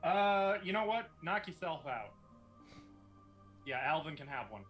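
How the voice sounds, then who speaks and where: Male GM, a touch high-voiced, teasing his players; light music underneath. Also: very animated, unhurried, a bit bright. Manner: playful teasing narration. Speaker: game master. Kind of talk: running a tabletop game.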